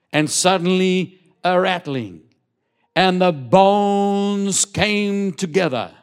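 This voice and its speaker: A man's voice: sits high, smooth. A man preaching a sermon in church, reading scripture aloud and urging the congregation to answer him. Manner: preaching with call-and-response, dramatic slow emphasis. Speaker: pastor.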